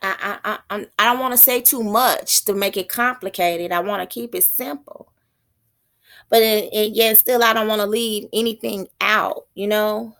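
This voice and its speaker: A woman giving an informal religious teaching, halting and repeating words as she thinks aloud. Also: mid-range voice, fairly even intonation, gravelly, a bit bright. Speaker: prophetess.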